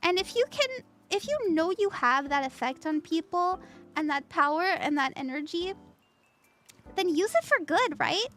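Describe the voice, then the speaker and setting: A woman's voice: very high voice, sing-song, normal speed, a bit bright, faint music behind. A woman streaming a casual tarot reading, chatty and giggly as she reads out chat messages.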